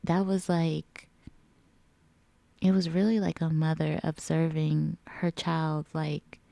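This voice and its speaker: A woman's voice: low voice, little pitch movement, slow pace, vocal fry, mellow, dry recording. A woman in a casual reflective vlog chat, rambling with lots of filler words. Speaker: vlogger.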